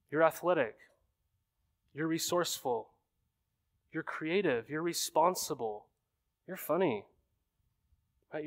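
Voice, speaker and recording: A man in his thirties preaching a sermon in a conversational way, often checking in with rhetorical questions. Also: a little high. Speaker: pastor.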